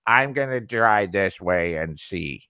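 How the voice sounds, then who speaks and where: A man putting on a high whiny voice to play a stubborn, frustrated customer in casual podcast banter. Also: lively intonation, slow, sharp tone, smooth, no echo, studio quality, heavily acted. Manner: nasal teenage whine.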